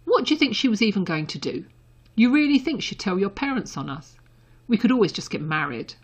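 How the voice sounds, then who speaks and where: A woman reading the part of an anxious young man, speaking earnestly and urgently, her pitch lifting above her narration. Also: sing-song, brisk, slightly rough. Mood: incredulous. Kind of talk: audiobook character reading.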